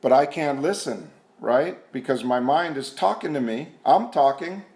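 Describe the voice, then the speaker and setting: A man's voice: mid-range voice, moderate pace, darkish tone. A man speaking earnestly at a recovery meeting, sharing in a conversational, self-questioning way. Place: meeting room.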